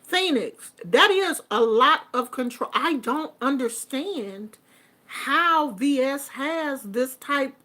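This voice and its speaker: A middle-aged woman, her voice high and bright as she talks in an unhurried way. She gives casual vlog commentary, animated and chatty, breaking into laughs and snippets of song. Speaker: vlogger commenting on online drama.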